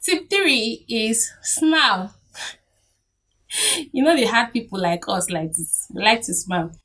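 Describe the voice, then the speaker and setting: A young woman with a Nigerian accent, talking to camera in a chatty, animated way and laughing often. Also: fairly high pitch, slow, far from the mic. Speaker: vlogger. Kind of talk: casual talk to camera.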